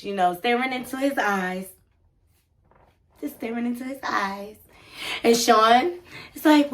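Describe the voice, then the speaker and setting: This is a woman with a high, bright voice running through a reality TV recap. She is gossipy and sassy and throws asides straight at her viewers. She keeps it loose and conversational. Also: animated, normal speed. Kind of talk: casual recap commentary to viewers.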